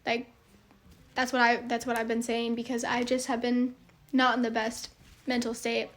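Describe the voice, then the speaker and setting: A young woman pours out a heartfelt monologue to her followers, earnest and rambling, full of fillers. Her voice sits fairly high but stays flat, with little rise and fall. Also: moderate pace. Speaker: social media creator.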